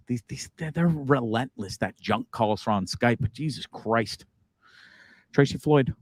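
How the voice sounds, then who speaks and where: A man hosting a casual live show from his bus, rambling from one thing to the next. He swears freely and laughs at himself, and his pitch jumps around a lot. The sound is close and dry. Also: animated, measured pace, no echo. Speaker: host. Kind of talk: casual livestream chat.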